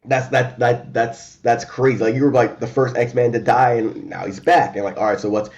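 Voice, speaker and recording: A man in a casual remote chat, talking fast and loose with lots of fillers, restarts and swearing. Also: mid-range voice. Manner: animated and profane, many fillers and restarts. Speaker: podcast co-host.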